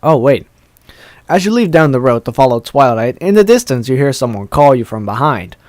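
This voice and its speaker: A man's voice: mid-range voice, big pitch swings, a little fast, a little mellow, no echo, clean studio sound. Young man stumbling through a game's text aloud. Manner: stumbling, self-deprecating. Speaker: let's play host. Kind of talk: reading aloud a text game.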